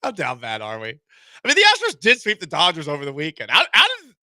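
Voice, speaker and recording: A man hosting a sports talk radio show, animated and joking in a rapid-fire way. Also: on the high side, no room sound. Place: radio studio.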